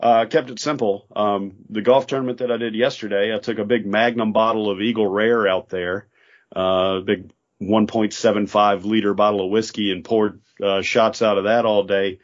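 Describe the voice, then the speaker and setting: A man's voice: fairly low pitch, little pitch movement, moderate pace. A man co-hosting a podcast, telling laid-back stories in a casual chat. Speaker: podcast co-host. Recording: dull lo-fi podcast audio.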